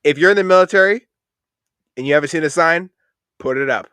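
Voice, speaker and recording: Brief: guest in his 30s, male, lively swearing storyteller, dry close sound. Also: on the high side, fairly quick, smooth, dry recording. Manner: animated, profane, acts out quoted voices. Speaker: guest, Navy veteran. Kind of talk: casual storytelling on a podcast.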